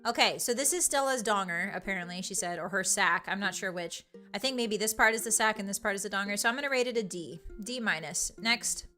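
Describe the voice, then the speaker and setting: A woman's voice: medium pitch, brisk, few pauses, sharp tone, soft background music. A young woman streaming live, chatting casually and reading her chat, playful, giggly and teasing. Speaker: virtual streamer.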